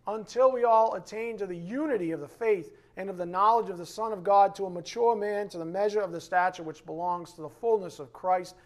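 A man with a high-pitched voice teaches a Bible lesson emphatically. He slows down when reading scripture aloud and drops into quiet asides.

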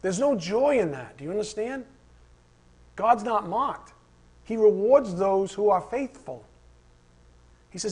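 A pastor preaching a sermon, mixing Scripture with animated personal stories and rhetorical questions. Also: male voice, high voice, measured pace, pauses often, breathy edge. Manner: animated storytelling with acted asides and rhetorical questions.

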